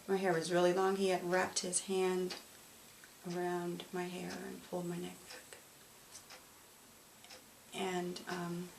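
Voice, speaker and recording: A woman giving a candid, emotional personal testimony, speaking haltingly with pauses and fillers. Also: fairly low pitch, gravelly. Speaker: survivor telling her story. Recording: roomy, distant mic, faint noise.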